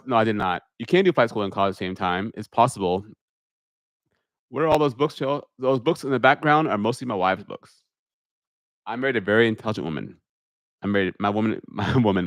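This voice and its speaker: An airline pilot runs a casual live Q&A stream from a home media room with a green screen, reading viewer questions aloud and answering plainly in a put-on public speaking voice. His lowish voice is expressive, brisk, and fairly bright, recorded on a studio mic on a holder with no room sound.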